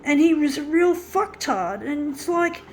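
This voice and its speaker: A woman's voice: high-pitched, expressive, unhurried, slight background noise. A woman talking to her viewers in a casual monologue, blunt and profane, bitter and aggrieved, rambling with many restarts.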